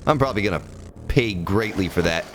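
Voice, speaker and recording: A man's voice: low-pitched, lively intonation, brisk, a little hiss or hum. A man giving folksy, joking commentary while streaming a survival game, chatting with viewers by name. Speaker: let's play streamer. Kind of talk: casual gameplay commentary. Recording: game music behind the voice.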